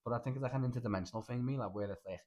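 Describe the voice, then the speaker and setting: A young man with a Scouse accent telling rambling, animated stories in casual podcast chat, full of slang and swearing. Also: medium pitch, very fast. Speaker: podcast host.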